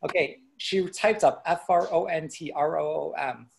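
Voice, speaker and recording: A man from Chicago with a Chicago accent, answering questions in a relaxed, rambling way on an online video call. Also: a little high, normal speed, gravelly. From Chicago, USA. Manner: relaxed, rambling, with fillers and restarts. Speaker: guest presenter. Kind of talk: casual online Q&A.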